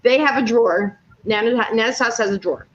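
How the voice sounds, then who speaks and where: A blunt woman in her fifties with a fairly high voice, swearing freely as she tells stories in casual chat. The audio is dull and lo-fi, with a faint hiss behind her. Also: fast. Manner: blunt, profane storyteller. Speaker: panel speaker.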